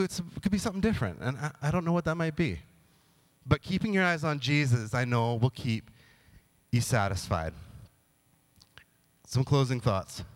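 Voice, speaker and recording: A man as a pastor, giving a casual, humorous sermon with playful storytelling and quick asides. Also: mid-range voice, low-quality recording.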